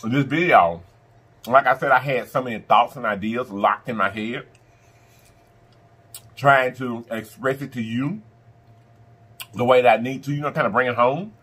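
Medium-pitched and a bit bright with a breathy edge, his voice moves at normal speed but pauses often. He's a middle-aged mukbang vlogger from the Southern United States, eating on camera and talking casually, warmly preachy as he calls viewers "baby" and "y'all".

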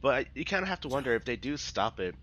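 A young man streaming his live reaction to a show, excitable and slangy, shouting in disbelief and swearing often. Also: medium pitch, fast, a little hiss or hum. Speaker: streamer reacting to an anime episode. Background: show's soundtrack playing.

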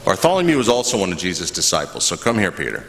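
Lively pastor telling a children's story. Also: male voice, low voice, fast talker, a little hiss or hum. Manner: animated storytelling with questions to children. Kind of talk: children's sermon. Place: church sanctuary. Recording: echoey church hall, faint ambience.

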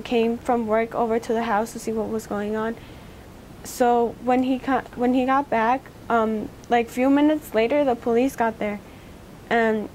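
A teenage girl haltingly recounts a personal memory for an oral history interview. Her fairly high voice stays level and even with little rise or fall, and a little hiss or hum sits under the recording.

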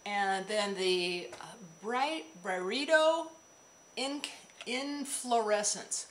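A woman's voice: medium pitch, extremely slow, a little hiss or hum, rough recording. A woman vlogger chatting casually to the camera, rambling with asides while she shows small items. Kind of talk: casual chat.

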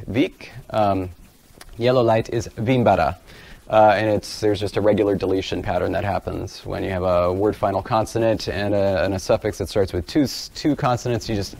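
A man's voice: on the low side, gravelly, darkish tone. A man giving an academic lecture with slides, talking in a casual, self-deprecating way with many fillers. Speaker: guest lecturer.

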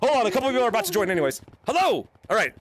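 A man hosting a fan meetup in a VR game, shouting and laughing as he greets many kids at once through his headset. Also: sits high, sing-song, racing. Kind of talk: excited livestream chat with fans in VR. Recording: noisy crowded game lobby. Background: crowd of players chattering.

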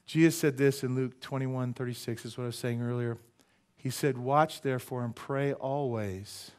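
A male pastor preaching a sermon in a church, animated and joking, asking the congregation rhetorical questions. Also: medium pitch, moderate pace, clean tone. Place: church sanctuary.

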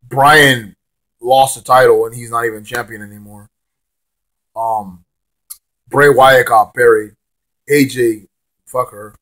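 A hoarse young man rants bluntly as a wrestling fan vlogger, stammering and repeating words, with some swearing. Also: medium pitch, steady tone, takes it slowly, long pauses, fairly bright tone. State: hoarse, lost his voice. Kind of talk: casual ranting monologue.

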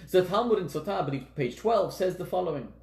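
Man, rabbi giving a lecture, earnest and emphatic, voice on the high side, recorded in a reverberant room. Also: lively intonation, fast, vocal fry, darkish tone. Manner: earnest, repeats words for emphasis. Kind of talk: lecture on Jewish teachings. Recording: echoey room.

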